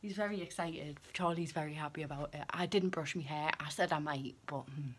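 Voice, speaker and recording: A woman chatting on a casual vlog, excitable and cheeky, swinging between gushing and hushed asides. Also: deep voice, brisk, a little hiss or hum. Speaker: vlogger.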